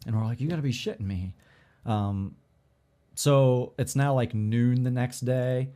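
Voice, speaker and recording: A man co-hosting a podcast, telling a story casually and acting out other people's lines in quick quoted voices. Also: medium pitch, dark tone, smooth. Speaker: podcast co-host.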